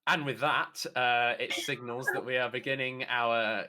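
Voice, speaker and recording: A man's voice: medium pitch, steady tone, measured pace, very noisy. A man co-hosting a comedy podcast in a playful, mock-pompous, joking way. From England. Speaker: podcast co-host. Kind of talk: casual podcast chat.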